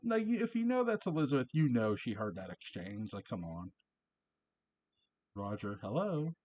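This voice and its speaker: A man talks through an old TV episode in a relaxed, chatty recap. His voice sits at an ordinary middle pitch. He laughs freely and drops into quoted lines along the way. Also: brisk. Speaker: show reviewer.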